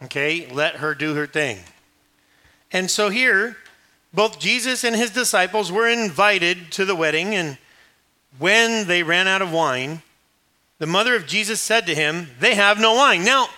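A man's voice: high voice, measured pace. A man giving a sermon, joking and acting out voices as he tells the story. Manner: animated, joking storyteller who acts out quoted voices. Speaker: pastor.

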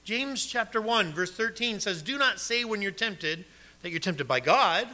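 A male pastor preaching a sermon, emphatic, dropping low and soft on key words. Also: expressive, a little slow.

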